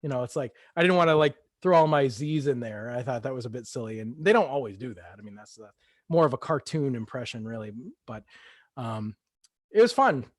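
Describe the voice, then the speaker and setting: A man's voice: mid-range voice, expressive, brisk, no echo. A man, a guest author, reading his own fiction aloud and then chatting in a casual, self-deprecating way from his home studio.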